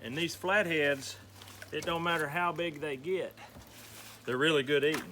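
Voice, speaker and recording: A man's voice: on the high side, fairly even intonation, normal speed, sharp tone, a little hiss or hum. Folksy middle-aged man teaching fish cleaning. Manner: folksy, easygoing step-by-step instruction. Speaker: homestead channel host. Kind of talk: how-to demonstration.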